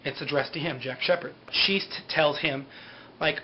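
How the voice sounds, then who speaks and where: A man's voice: fairly high pitch, moderate pace. A man casually recapping a TV episode in a loose, rambling way, full of "like" and "you know". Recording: dull lo-fi with faint hiss.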